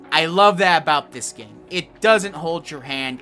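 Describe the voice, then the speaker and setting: A man reviewing a video game in a casual, excitable way, swearing a lot and rambling. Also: on the high side, measured pace, few pauses, smooth, faint music behind.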